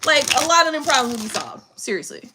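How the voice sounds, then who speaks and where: A woman chats loosely during a live tarot reading. She is profane and quick to laugh. Her voice sits high and swings widely in pitch. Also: very animated, noisy background. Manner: blunt, profane and laughing often. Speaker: tarot reader on a live stream. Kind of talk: casual live-stream chat.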